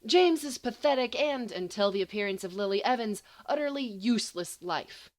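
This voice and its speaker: A woman narrating a comic romance story in an expressive, playful amateur audiobook reading. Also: on the high side, moderate pace. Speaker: podfic reader.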